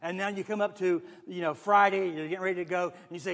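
A man with a notably high voice preaches to his congregation, talking in a loose, conversational way with frequent repetitions and restarts. His voice rings out with a long reverb, as in a church sanctuary. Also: steady tone, quick pace, hardly any pauses, a bit bright. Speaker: pastor. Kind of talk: sermon.

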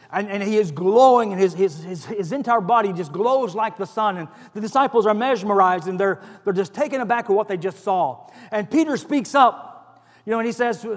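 A man preaching a sermon as pastor, earnest and building to emphatic stress on key phrases. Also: high-pitched. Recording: long hall reverb.

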